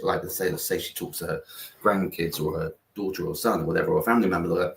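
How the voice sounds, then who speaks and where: A middle-aged man, a guest founder, talking in a rambling, earnest way full of fillers and restarts. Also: low voice. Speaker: guest, founder of a kindness platform. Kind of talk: casual conversation. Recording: roomy, distant mic.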